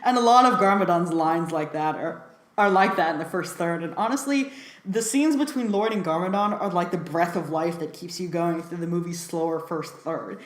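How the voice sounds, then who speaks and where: A woman's voice: fairly low pitch, normal speed, echoey room. A woman giving a casual film review, talking chattily with lots of fillers and frequent laughs.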